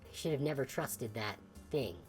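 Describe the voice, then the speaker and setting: A woman voicing a gaunt, sickly older male scientist in video game dialogue, formal and measured. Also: a bass voice, darkish tone, soft background music. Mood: shaken.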